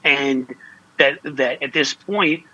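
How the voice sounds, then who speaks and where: A man's voice: medium pitch, slow pace, bright, forceful tone, husky, highs cut off. A male political commentator from Ohio in heated talk, blunt and impassioned, often restarting his sentences.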